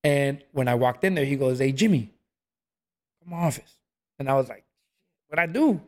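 A man's voice: medium pitch, fairly quick. A man telling stories in a casual chat, acting out what people said. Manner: animated storyteller, acts out quotes, says "bro" a lot.

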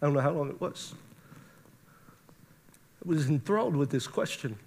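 A man's voice: a little high, expressive, moderate pace, creaky, darkish tone. A man preaching a testimony to a live audience, emotional and acting out the dialogue as he tells it. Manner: emotional, acts out quoted dialogue. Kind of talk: sermon testimony storytelling.

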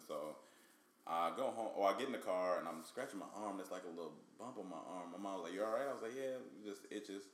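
Animated young man telling stories. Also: low-pitched, roomy sound. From North Carolina, US. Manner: jokey, acts out voices in his stories, lively. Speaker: comedian guest. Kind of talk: animated storytelling in a casual interview.

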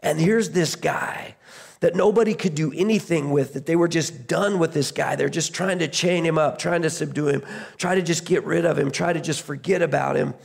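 A man's voice: on the high side, a little fast, vocal fry. A man preaching a sermon as pastor, retelling a scripture story in a conversational way, often restarting his phrases.

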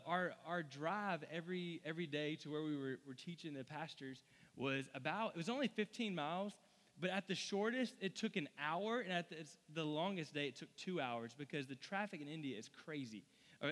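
A man in his thirties preaching to young adults in a chatty, animated way, full of fillers and restarts. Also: a little high. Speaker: college ministry preacher. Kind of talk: sermon with casual storytelling. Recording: long hall reverb.

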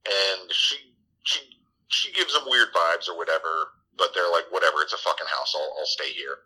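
Low-voiced man with a sharp, bright edge. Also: animated, normal speed, breathy edge, low-quality recording. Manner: rambling, profane, jumps into squeaky character voices. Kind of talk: casual comic movie recap.

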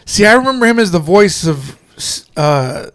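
A man co-hosting a podcast in casual chat, easygoing and quick to chuckle. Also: high voice, very animated, fairly bright tone, dry recording, clean studio sound. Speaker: podcast co-host.

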